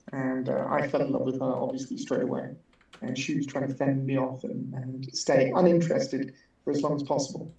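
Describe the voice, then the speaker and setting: A man co-hosting a podcast, chatting in a relaxed, friendly way. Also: mid-range voice, vocal fry. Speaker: podcast co-host. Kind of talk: casual chat. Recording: echoey room, distant mic.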